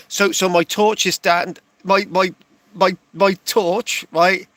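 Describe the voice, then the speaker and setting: A man's voice: sits high, steady tone, measured pace, fairly bright tone, dry recording. A man telling a rambling comic story, stopping often with "right?" and restarting his phrases. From England. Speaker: stand-up storyteller.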